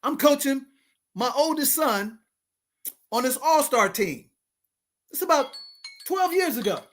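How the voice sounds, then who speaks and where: Host, male, 40s: lively, chatty storyteller who voices the people in his tales. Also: extremely high pitch, a little slow. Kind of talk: casual storytelling.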